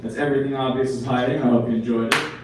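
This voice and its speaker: A man's voice: mid-range voice, steady tone, very fast, slight background noise. Wry man reading poetry live. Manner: wry, with joking asides. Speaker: poet. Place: live event room. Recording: echoey room, mic far off.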